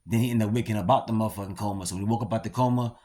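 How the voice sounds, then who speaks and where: A man's voice: on the low side, very fast, a little mellow. A young man telling a story casually, slangy and profane, rambling with lots of fillers. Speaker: storyteller recounting his past.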